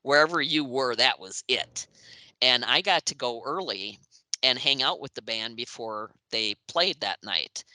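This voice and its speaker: A woman in her sixties, a guest in an interview, telling lively anecdotes with frequent laughs and acted-out quotes. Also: very deep voice, a little slow, no echo, poor audio. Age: 60s. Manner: lively, acts out quoted voices, laughs often. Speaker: interview guest, music writer.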